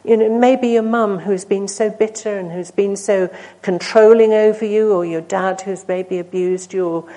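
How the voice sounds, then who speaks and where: A woman delivers a sermon in a mellow, darker voice. She tells stories earnestly, pushing lines out with emphasis and then letting them fall almost to a hush. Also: medium pitch, steady tone, normal speed, rough recording. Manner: earnest, rising to emphatic then dropping to hushed. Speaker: preacher.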